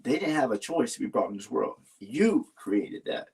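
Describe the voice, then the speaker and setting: A man's voice: medium pitch, sing-song, moderate pace, creaky, darkish tone, husky. A man talking earnestly in a casual heartfelt conversation, rambling and restarting his sentences. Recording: voice a little far from the mic.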